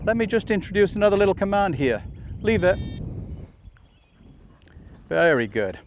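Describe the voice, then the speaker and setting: A man training a dog outdoors, explaining each step and calling the dog with calm, coaxing commands. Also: high voice, fast talker, a little hiss or hum. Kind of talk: instructional demonstration. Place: outdoors in a field.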